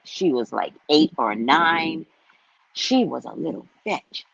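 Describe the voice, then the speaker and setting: Husky, animated woman chatting. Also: low voice, slow, no room sound. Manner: animated, profane storytelling. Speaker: psychic reader and host. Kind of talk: casual livestream chat. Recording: dull lo-fi sound.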